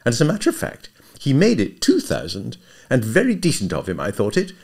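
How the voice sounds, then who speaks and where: A man voicing a dim, excitable young upper-class English gentleman who sounds plaintive and flustered. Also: mid-range voice, a little fast, vocal fry, full character voice. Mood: rambling.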